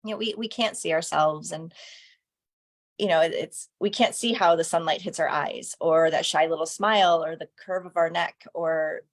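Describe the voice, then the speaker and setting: A woman's voice: deep voice, steady tone, normal speed. A woman photographer talking as a guest, enthusiastic and laughing often as she acts out what people say. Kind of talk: casual conversation.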